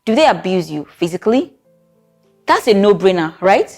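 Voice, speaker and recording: A woman's voice: medium pitch, big pitch swings, normal speed, a little mellow, soft background music. Woman giving chatty therapist advice. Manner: conversational, with frequent rhetorical check-ins. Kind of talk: talking-to-camera advice video.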